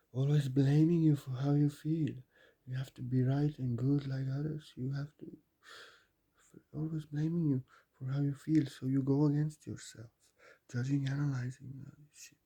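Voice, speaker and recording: A man giving a spiritual talk, repeating phrases emphatically and building to loud bursts. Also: mid-range voice, breathy edge. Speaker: spiritual teacher.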